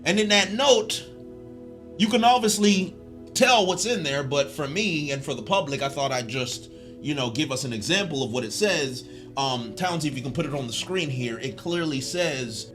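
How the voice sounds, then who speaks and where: Animated man in a higher voice, casual video-essay host, faint music behind. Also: moderate pace. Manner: animated, joking, slangy.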